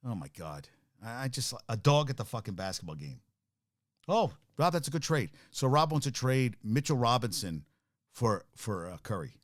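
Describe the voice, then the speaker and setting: Guy ranting about sports, worked up, swearing a lot, dry close sound, mid pitch. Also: dry recording. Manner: worked-up, ranting, profane, rambling with restarts. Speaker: sports talk show host. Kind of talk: casual sports rant.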